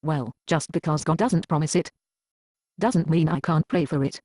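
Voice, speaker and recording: A woman's voice: low voice, normal speed, darkish tone, dry recording, clean studio sound. A woman acting as an upset single woman who answers defensively and evasively in an amateur Bible drama.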